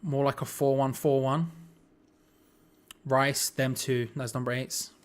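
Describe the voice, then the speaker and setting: A man's voice: mid-range voice, flat delivery, slow pace, clear, resonant tone. A young man hosting a live football watch-along, calling the play casually and chatting to viewers with frustrated asides. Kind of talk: live match commentary and chat.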